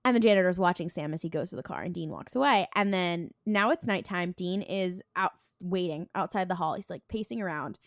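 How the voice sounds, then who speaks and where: A woman's voice: lowish voice, a little fast, hardly any pauses, dry recording, studio quality. A young woman co-hosting a podcast, casually recapping an episode and acting out the characters' lines with lots of laughter. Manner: animated retelling, voices characters, laughs often. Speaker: podcast co-host. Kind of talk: casual recap with acted quotes.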